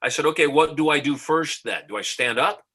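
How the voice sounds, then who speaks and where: A man's voice: a little high, a little fast, fairly bright tone, husky, low-quality recording. A middle-aged man from the United States, a motivational speaker, telling a story confidently as a podcast guest and acting out the dialogue. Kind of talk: storytelling in an interview.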